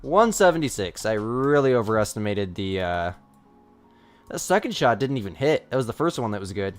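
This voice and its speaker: A man's voice: on the low side, sing-song, moderate pace, soft background music. A man streaming a hunting game live, chatting casually and scolding his dog between shots.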